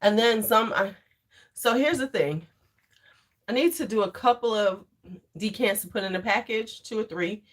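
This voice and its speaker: Woman host, casual livestream rambler, lively up-and-down delivery, slightly husky. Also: medium pitch, normal speed, pauses often. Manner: rambling, laughs often, chats with viewers.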